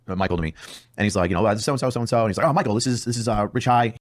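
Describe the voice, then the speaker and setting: A man's voice: lowish voice, racing. A man on a podcast clip telling a behind-the-scenes story, joking and acting out quotes in exaggerated friendly tones. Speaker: police officer debater in a played clip.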